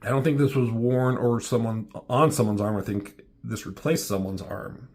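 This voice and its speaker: A man's voice: mid-range voice, normal speed, darkish tone. Offhand, foul-mouthed man reviewing comics. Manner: offhand, swears freely. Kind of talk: casual commentary.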